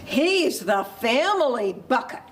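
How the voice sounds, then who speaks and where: A woman's voice: very animated, slow, slight background noise, heavily acted. A woman storyteller voicing a nervous middle-sized billy goat who squeals his lines. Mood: coaxing. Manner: high, squealing.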